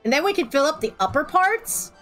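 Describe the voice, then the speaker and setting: A woman's voice: high voice, expressive, brisk, a bit bright, soft background music. A woman streaming a game, chatting playfully and giggling with friends. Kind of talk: casual gaming chat.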